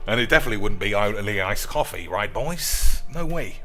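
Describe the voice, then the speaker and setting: A man commentating his card game stream in a crude, joking, excitable way. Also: on the low side, a little fast, hardly any pauses, faint music behind.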